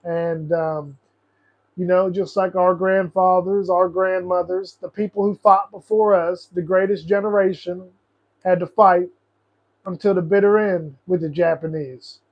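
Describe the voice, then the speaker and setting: A man's voice: sits high, dull audio. A young man hosting a casual political livestream, ranting in a profane, frustrated, rambling way. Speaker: host.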